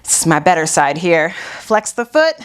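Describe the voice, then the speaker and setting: A woman's voice: deep voice, sing-song, normal speed. Breathless woman leading a pilates class. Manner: breathy, sighing while exercising along. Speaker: pilates instructor. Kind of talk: guided workout instruction.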